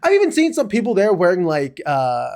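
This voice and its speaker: Male podcast co-host, slightly high, very animated pitch, rambling casual delivery. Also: a little fast. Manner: rambling, animated, many fillers. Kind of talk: casual chat.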